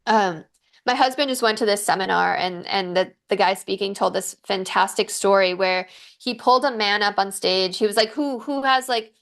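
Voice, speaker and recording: A woman coach chatting on a podcast, telling stories in a lively way with many fillers. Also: mid-range voice, moderate pace, vocal fry. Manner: lively storytelling, filler-heavy. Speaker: coach guest. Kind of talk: casual podcast conversation.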